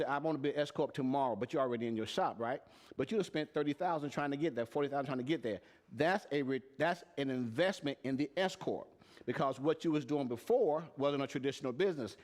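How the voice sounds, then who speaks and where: A man teaching tax and payroll to a live audience, plain-spoken and emphatic, often asking them questions. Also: fairly high pitch. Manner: asks the audience repeated questions. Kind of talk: live-streamed teaching talk.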